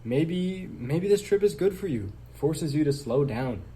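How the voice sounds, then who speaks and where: A man's voice: on the high side, expressive, unhurried, mellow, husky. An actor playing a young man's supportive, wisecracking nephew, easygoing and teasing.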